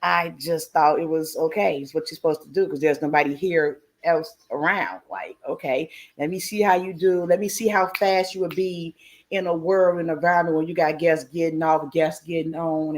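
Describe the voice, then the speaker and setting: A woman's voice: on the low side, darkish tone. Chatty, frank woman hosting a live stream. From United States. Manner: chatty, frank, laughs often, greets chatters by name. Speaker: cruise vlogger hosting a live chat. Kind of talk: casual live-stream chat.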